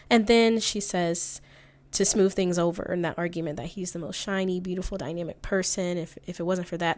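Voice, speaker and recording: A woman's voice: fairly low pitch, a little mellow. A woman therapist giving conversational commentary on audio clips, quoting lines of dialogue and citing timestamps.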